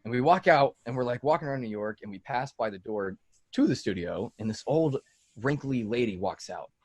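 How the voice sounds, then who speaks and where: A man with a husky, medium-pitched voice talks fairly quickly and expressively, with no room sound. He's being interviewed as a music producer in a casual podcast chat. He tells stories loosely, swears freely, and leans on fillers like "like" and "dude."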